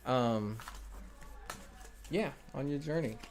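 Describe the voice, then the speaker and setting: A man's voice: medium pitch, slow pace, a little hiss or hum. A man doing a live tarot reading, encouraging and loose, rambling with many fillers. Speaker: tarot reader.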